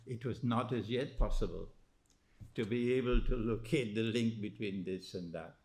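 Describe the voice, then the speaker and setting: Giving a spirited religious talk, this Islamic lecturer throws out rhetorical questions and nudges his audience with "huh?". His voice sits on the low side.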